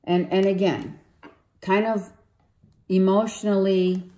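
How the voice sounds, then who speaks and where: A woman reads tarot cards in a slow, unhurried monologue. Her voice is low and mellow and a little hoarse, as if she is losing it. The room around her is echoey. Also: flat delivery. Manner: slow, coaxing, often asks okay and right. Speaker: tarot reader. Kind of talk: spiritual tarot reading monologue.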